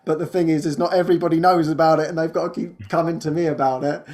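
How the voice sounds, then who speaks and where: A man's voice: a little high, steady tone, darkish tone. Male podcast host, casual spiritual chat, stumbles and repeats words, frequent laughs. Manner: halting, repeats words and restarts often; laughs often while talking.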